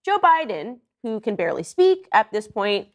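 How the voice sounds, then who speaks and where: A woman's voice: fairly high pitch, very animated, moderate pace. A woman political commentator who gives emphatic, sarcastic, mocking commentary.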